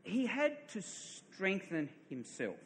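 A man's voice: sits high, huge pitch swings, takes it slowly, a little hiss or hum. A man, middle-aged, preaching a sermon as a pastor, telling a story with many repeated words and laughing at himself. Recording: long reverb of a large hall.

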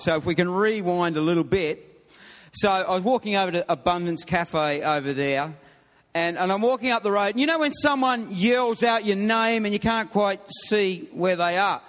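A middle-aged male pastor speaks in a fairly high voice, chatty and given to laughter and restarts as he tells a story from the pulpit. His voice rings out with a long reverb across a large church hall. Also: fairly bright tone. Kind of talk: sermon with humorous story.

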